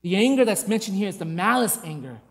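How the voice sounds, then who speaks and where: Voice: medium pitch, animated, quick pace. A preacher delivering an emphatic sermon, asking the congregation rhetorical questions. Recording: long hall reverb.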